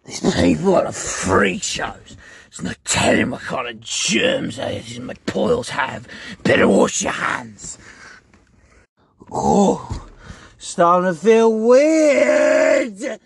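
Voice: mid-range voice, lively intonation, extremely slow, vocal fry, long pauses, breathy edge, dry recording, studio quality, heavily acted. A podcaster reading aloud as a germ-fearing older man who turns panicky. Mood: nervous. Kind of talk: reading a video script aloud.

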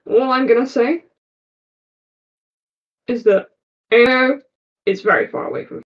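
A woman's voice: on the high side, a little slow, distant mic, dull audio, close to an everyday voice. A woman voicing a sardonic little goblin man. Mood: grudging. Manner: sardonic, grudging, deadpan. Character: small grumpy male goblin with glasses.

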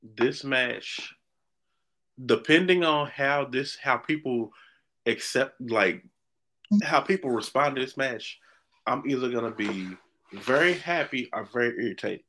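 A podcast co-host, a man, chats casually, animated and opinionated, frequently restarting his sentences. He has a mid-range voice and an unhurried delivery.

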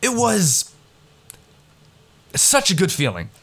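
A man excitedly recapping a wrestling event in a rambling, casual way, swearing freely, recorded on a headset mic at home. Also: high-pitched, slow, breathy edge. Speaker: wrestling fan recapping a pay-per-view. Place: home recording in the Pittsburgh area. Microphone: headset mic with headphones.

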